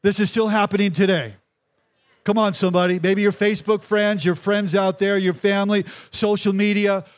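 A middle-aged male pastor delivers a sermon in a noticeably high voice. He drives his points home with repetition and keeps calling on the congregation to answer him. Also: flat delivery, moderate pace. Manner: emphatic preaching with repetition and calls to the congregation. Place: church service in a tent.

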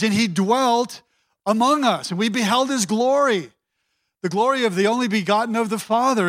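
A pastor preaching a sermon, building long cadenced lists and leaning on key words. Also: male voice, sits high, fairly bright tone.

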